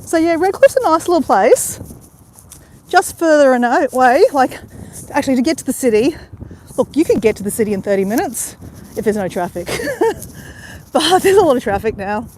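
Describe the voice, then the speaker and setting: Middle-aged Australian woman, high and animated, casual live-stream chat into a phone on an outdoor walk. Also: a little hiss or hum. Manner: chatty, greets viewers, quick to laugh. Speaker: vlogger livestreaming a walk. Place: outdoors on a waterside path. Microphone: phone held while walking.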